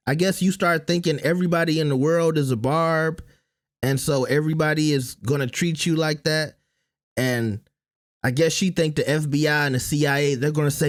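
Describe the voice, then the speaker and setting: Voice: medium pitch, no echo, studio quality. A commentary host reacting to a clip, with mocking, sarcastic asides.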